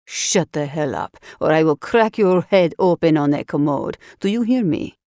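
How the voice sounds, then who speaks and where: A man's voice: fairly high pitch, animated, normal speed, a little mellow, no room sound, clean studio sound, voice pushed down. A woman voicing a beefy, threatening male captor with a Russian accent, who gives blunt orders in an audiobook.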